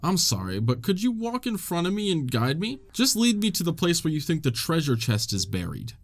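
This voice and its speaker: A man's voice: a little high, wildly swooping pitch, fairly quick. A man voicing a timid male gravekeeper who earnestly pleads for help finding treasure. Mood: pleading.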